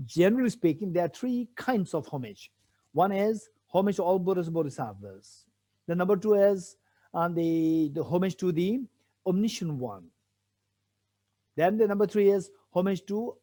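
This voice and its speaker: A man's voice: on the high side, dark tone. A man giving a Buddhist teaching, explaining a text patiently. He repeats key phrases and asks rhetorical questions. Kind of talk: teaching a sutra commentary.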